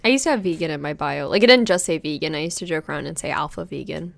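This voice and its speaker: A woman's voice: low voice, racing, creaky. A young woman hosting a podcast, chatting casually and telling stories with self-deprecating asides. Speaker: podcast host. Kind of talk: casual chat.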